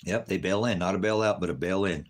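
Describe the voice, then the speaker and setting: Deep-voiced rambling preacher man. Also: fast. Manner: rambling, drifts into baby talk to his cat. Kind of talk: casual talk to viewers. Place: farmhouse.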